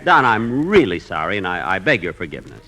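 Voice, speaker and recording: A man's voice: low-pitched, sing-song, quick pace, bright, forceful tone. A man hosting a 1940s radio comedy show, indignant and exasperated in his comic timing.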